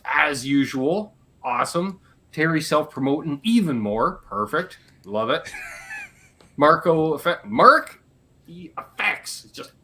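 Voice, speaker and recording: Man, host, live stream chat, bright tone, jokey roll call. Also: fairly high pitch. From Canada. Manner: quick, joking, reading out viewer names.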